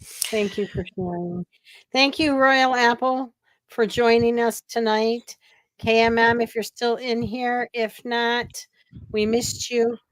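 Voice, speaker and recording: A woman's voice: a little high, fairly even intonation, slow, no echo, poor audio. A woman co-host giving brief thank-yous as she signs off the show. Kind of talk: casual show sign-off.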